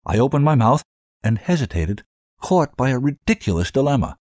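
Expressive male story reader, dry and close. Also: medium pitch, normal speed, no room sound. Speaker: host and reader. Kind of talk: scripted fiction narration.

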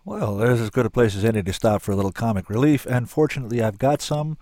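A male host reading fiction aloud with expressive storytelling. His pitch moves widely from line to line, and the sound is close and dry, with no room echo. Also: quick pace. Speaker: host and reader. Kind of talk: scripted fiction narration.

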